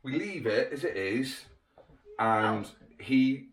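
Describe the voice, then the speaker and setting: Brief: father vlogger, animated, explaining, home recording. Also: medium pitch, slow pace. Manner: chatty, explaining and persuading. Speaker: parent vlogger. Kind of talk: casual family vlog chat.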